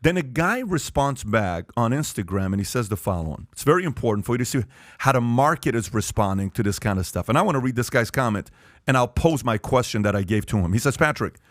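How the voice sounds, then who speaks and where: A man's voice: medium pitch, expressive, fast, dry recording, clean studio sound. A man hosting a podcast panel, talking emphatically and firing rhetorical questions at the group. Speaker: podcast host. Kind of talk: animated podcast talk.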